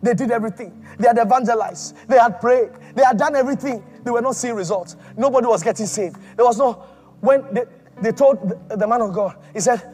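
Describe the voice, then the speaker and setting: Impassioned high-voiced male preacher. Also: fairly quick, soft background music. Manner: impassioned, repetitive, swings from loud to hushed. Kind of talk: sermon.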